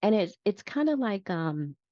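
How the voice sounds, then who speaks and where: A woman with a medium-pitched, dark voice speaks a little slowly, her pitch swinging widely. A psychiatric nurse practitioner guest in a conversational interview, she explains her practice in plain, step-by-step terms. The recording sounds dull, lo-fi and dry, with no room sound.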